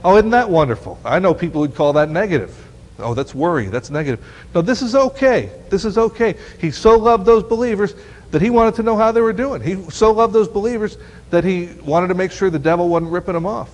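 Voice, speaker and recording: A man's voice: high voice, brisk. Man preaching a sermon in a hall. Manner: animated, asks the congregation questions. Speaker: pastor. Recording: long hall reverb.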